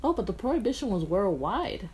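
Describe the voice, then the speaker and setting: A woman's voice: medium pitch, sing-song, fairly quick, darkish tone, breathy edge. A woman co-hosting a podcast, chatting casually and chiming in with short questions, sitting farther from the mic. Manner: short reactive interjections. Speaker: podcast co-host. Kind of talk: casual chat.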